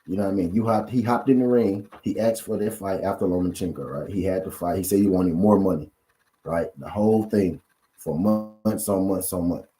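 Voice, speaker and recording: Deep, dark-voiced man ranting about boxing. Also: moderate pace. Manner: repetitive, full of rhetorical questions to viewers. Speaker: boxing commentary channel host. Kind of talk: casual boxing commentary rant.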